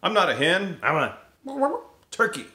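A man's voice: fairly high pitch, big pitch swings, measured pace, sharp tone, echoey room, pitched above the performer's own voice, exaggerated voice. A man voicing a conceited, swaggering male turkey in a read-aloud picture book. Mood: boastful. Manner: boastful, later wailing.

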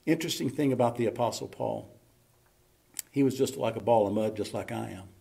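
Man, pastor, sermon, gravelly voice, folksy, emphatic, church. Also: mid-range voice, a little fast. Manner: folksy preaching, building to loud emphatic peaks. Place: church sanctuary.

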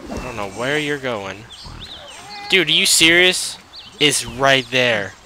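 A man giving slow, lively gameplay commentary, swinging his pitch as he grumbles at the creatures in his game. He sounds exasperated and talks straight to them, with game music running underneath. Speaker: let's play host.

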